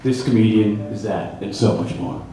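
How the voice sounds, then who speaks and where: A man voicing a solemn male announcer in a slow, mock-serious manner, heard from far off in an echoey club. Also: on the low side, mellow, slight background noise, pitched below the performer's own voice, lightly acted.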